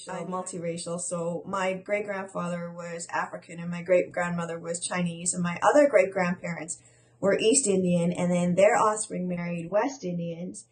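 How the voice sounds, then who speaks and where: A woman's voice: on the low side, level tone, moderate pace. A woman from South America, raised in Canada, speaking as an author in a casual interview, cheerful and wry. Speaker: author, guest.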